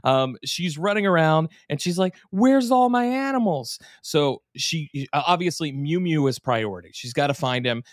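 Animated male podcast storyteller, dry sound. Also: on the high side, moderate pace, few pauses, no room sound. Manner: animated storyteller, swears, slips into silly character voices. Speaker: podcast co-host. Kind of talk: casual podcast chat recapping an episode.

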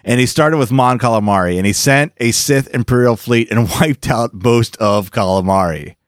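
A man's voice: mid-range voice, normal speed, dry recording, clean studio sound. A man hosting a podcast, recapping comic lore in a chatty storytelling way with jokey asides. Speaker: podcast host.

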